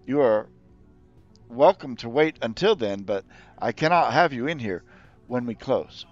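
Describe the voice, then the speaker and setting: A man's voice: mid-range voice, expressive, measured pace, lo-fi sound, faint music behind, natural voice. A man putting on a stiff, formal android receptionist.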